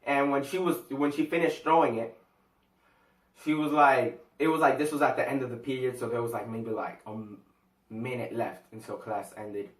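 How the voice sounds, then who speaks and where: A man's voice: mid-range voice, fairly even intonation, normal speed, roomy sound, recorded from a distance. A teenage guy telling a school story in a casual storytime vlog, rambling, slangy and full of fillers. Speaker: vlogger.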